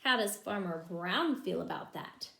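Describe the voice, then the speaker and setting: A woman teaching preschool, reading a picture book aloud to young children in an animated way and asking them questions as she goes. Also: on the low side, measured pace, creaky, reverberant.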